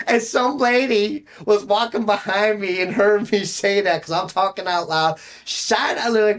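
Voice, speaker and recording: A man's voice: high voice, lively intonation, moderate pace, a bit bright, slight background noise. Rambling, laughing podcast co-host man. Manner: rambling storyteller, laughs mid-sentence. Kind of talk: casual chat.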